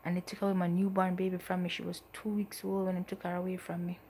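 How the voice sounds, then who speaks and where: A woman giving a personal testimony as a mother, in a soft, halting, emotional way that often trails off. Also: on the low side, level tone, slight background noise. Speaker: mother telling her story.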